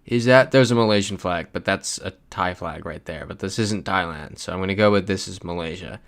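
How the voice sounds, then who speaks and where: A man whose voice sits low talks a little quickly on his casual livestream. He keeps the chat loose and reads viewers' messages aloud as he plays.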